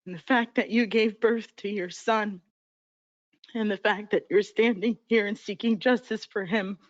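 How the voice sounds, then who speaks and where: A woman in her thirties, a city commissioner, speaking emotionally with halting pauses and fillers at a desk microphone. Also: mid-range voice, steady tone, dry recording. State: emotional, near tears. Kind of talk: emotional public statement. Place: council chamber. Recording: dull lo-fi meeting audio.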